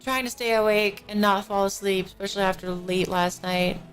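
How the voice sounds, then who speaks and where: A drowsy woman live streamer rambles through casual chat from her home desk, yawning and a little out of it, her voice medium-pitched, steady and moderately paced. She speaks into a professional-grade desk microphone while faint music from a neighbor drifts in.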